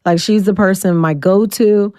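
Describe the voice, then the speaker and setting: A woman in her forties, a guest telling her story bluntly and acting out the quoted voices with big jumps in pitch. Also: steady tone, normal speed, darkish tone, no room sound, studio quality. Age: 40s. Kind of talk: candid storytelling interview.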